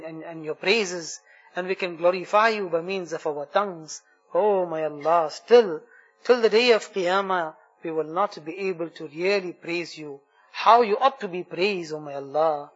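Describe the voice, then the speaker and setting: A man's voice: sits high, breathy edge, muffled recording. A man leading a fervent devotional supplication, pleading and repeating invocations in long heartfelt runs.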